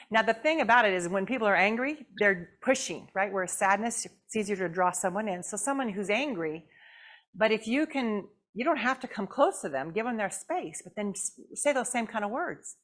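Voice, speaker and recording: A woman's voice: mid-range voice, expressive, normal speed, fairly bright tone. A woman guest speaker giving a conversational sermon in church. She asks the audience questions and acts out the voices she quotes. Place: church sanctuary.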